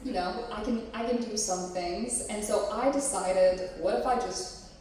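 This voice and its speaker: Casual woman panelist, loose and frank, mid pitch, recorded from a distance in a very reverberant hall. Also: measured pace, darkish tone, slight background noise. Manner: chatty and frank, swears, heavy "like, you know" fillers. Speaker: cosplay panel presenter. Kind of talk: casual live panel talk. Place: convention panel room with live audience. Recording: echoey room, distant mic.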